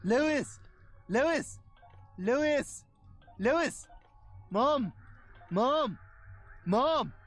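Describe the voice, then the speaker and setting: A whiny cartoon baby boy calls again and again in a high, swooping, shrill voice. Each call is stretched out slowly and nags on and on. Faint music plays behind the clip. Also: lively intonation, heavily acted. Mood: whining. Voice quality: shrill, nagging repetition.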